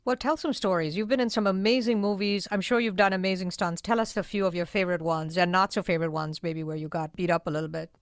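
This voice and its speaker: A woman's voice: on the low side, fairly even intonation, fast talker, few pauses, dry recording, studio quality. A woman hosting an interview, asking curious follow-up questions. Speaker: podcast host.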